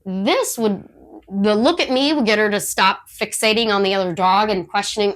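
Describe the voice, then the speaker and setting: A woman's voice: mid-range voice, normal speed, a bit bright. A woman co-hosting a podcast, chatting casually and telling training stories with frequent laughs. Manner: chatty storyteller who laughs often; acts out her dog's thoughts in quotes. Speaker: podcast co-host, disc dog trainer.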